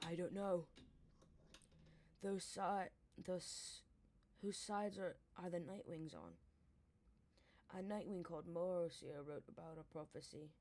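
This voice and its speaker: A woman with a fairly low voice reads a book aloud in a loose, casual way. She trips over longer words, restarts, and drifts into chatty asides between passages. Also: a little slow, long pauses, a little mellow. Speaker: book reader and streamer. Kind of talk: casual read-aloud with commentary.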